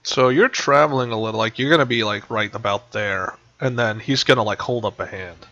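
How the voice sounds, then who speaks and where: A man's voice: fairly low pitch, a little fast, sharp tone. A man narrating as game master of a tabletop game over voice chat, rambling with many fillers. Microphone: voice chat headset. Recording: dull lo-fi voice chat.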